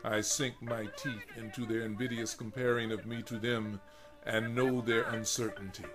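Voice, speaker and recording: A man narrating his own first-person prose as a dramatic reading, in a slow, deliberate and vivid delivery. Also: mid-range voice, flat delivery. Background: marimba music.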